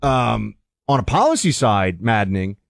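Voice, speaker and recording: A man co-hosting a political talk show, indignant, his voice swinging high when he gets heated. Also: very animated, moderate pace, gravelly, no room sound, studio quality. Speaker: radio co-host.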